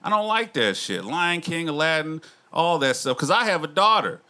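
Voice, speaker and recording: A man's voice: fairly high pitch, normal speed. A man in his thirties doing a stand-up comedy set, swearing a lot and laughing through his own jokes. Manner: profane, laughing, animated storytelling. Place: comedy club stage. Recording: noisy club recording.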